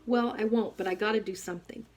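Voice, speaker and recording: A woman reading an audiobook, voicing a quiet, gentle teenage boy who speaks softly. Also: mid-range voice, steady tone, quick pace, close to an everyday voice. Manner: soft-spoken.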